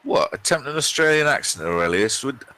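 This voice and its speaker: A man's voice: medium pitch, big pitch swings, fairly quick, pushed and bright. A man, bantering and joking casually while streaming a game match, with many ums and restarts.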